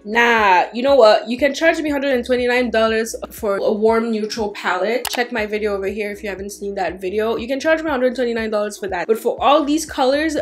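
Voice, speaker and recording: Chatty woman beauty vlogger, higher voice. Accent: French-tinged. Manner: chatty, excitable, talks herself out of buying. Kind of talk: casual chat to camera.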